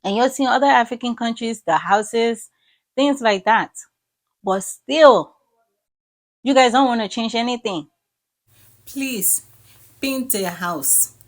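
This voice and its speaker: A woman's voice: on the high side, takes it slowly, long pauses. Exasperated woman with a Liberian accent. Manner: exasperated, scolding, animated storytelling. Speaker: vlogger. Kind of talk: casual commentary to camera.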